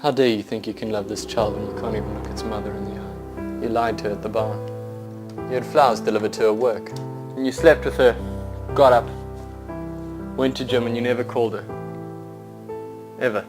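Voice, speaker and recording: A man's voice: fairly low pitch, steady tone, a little fast, long pauses, close to an everyday voice. A man voicing a cold scolding ex-girlfriend. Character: bitter young ex-girlfriend, scolding. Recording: voice over loud background music.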